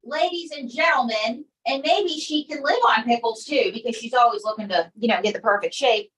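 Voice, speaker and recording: High-voiced showy woman ventriloquist. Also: a little fast, a bit bright, far from the mic, low-quality recording. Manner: chatty, showy, emcee-like. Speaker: ventriloquist comedian. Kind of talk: comedy stage patter.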